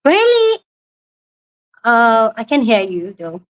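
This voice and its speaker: A woman hosts a casual live stream from her room at home. Her voice sits fairly high, and she gets excitable, breaking into squeals and shouts when she is excited. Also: measured pace, muffled recording. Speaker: livestream host.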